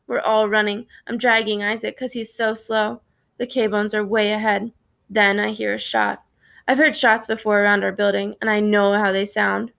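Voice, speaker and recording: Gravelly-voiced woman reading a storybook aloud. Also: medium pitch, moderate pace. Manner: steady first-person narration. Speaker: reader.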